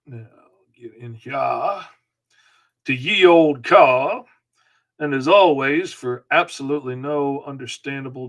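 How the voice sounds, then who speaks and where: A man with a medium-pitched, somewhat bright voice leads a live comic-inking lesson. It's casual stream chat as he works, answering viewers and rambling in a self-deprecating way.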